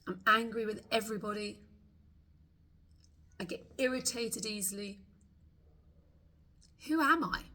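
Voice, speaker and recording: Slow husky woman guiding tapping. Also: mid-range voice, bright, forceful tone. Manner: slow, soothing, voices frustrated thoughts for the listener to repeat. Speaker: tapping coach. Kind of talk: guided tapping meditation.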